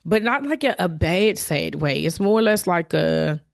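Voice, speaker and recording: Low-voiced woman hosting a heartfelt podcast. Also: very animated, moderate pace, creaky. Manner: candid, conversational, openly emotional. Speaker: podcast host. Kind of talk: reflective solo podcast talk.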